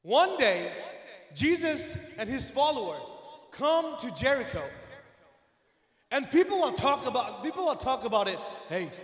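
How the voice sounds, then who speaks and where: A man teaching children a Bible story, animated and often shouting, asking them questions along the way. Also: very high-pitched, unhurried. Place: church hall. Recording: echoey hall with long reverb.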